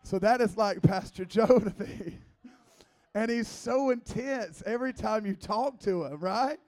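A man's voice: high-pitched, measured pace. A man in his thirties preaching as a guest, a joking, conversational sermon full of teasing asides. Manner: playful, teasing, lively asides.

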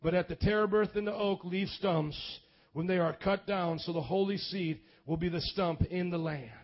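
A man preaching a sermon and reading scripture aloud, dramatic, swinging from loud calls to quiet low reading. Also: moderate pace. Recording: dull lo-fi sound with faint music.

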